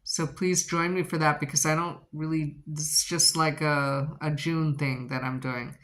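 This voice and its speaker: A woman with a low voice talks through a tarot spread in a loose, chatty monologue. She circles back and repeats her questions to the cards, sounding slightly out of breath. Cards shuffle softly in the background. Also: fairly even intonation, normal speed. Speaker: tarot reader.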